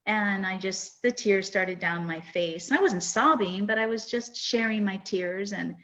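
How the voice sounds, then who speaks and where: A woman's voice: medium pitch, measured pace, a bit bright. A woman in her fifties hosting a podcast, telling a personal story in an earnest, reflective and emotional way. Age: 50s. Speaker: podcast host. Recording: dull lo-fi sound.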